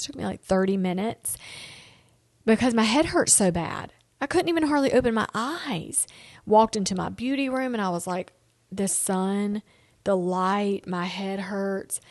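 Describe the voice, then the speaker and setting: A middle-aged woman with a drawl tells a rambling personal story on a solo podcast, speaking straight to her listeners. She sounds tired and yawns now and then, at an everyday pitch. The sound is dry and close, with no room around it. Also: no room sound. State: yawning, tired. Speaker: podcast host.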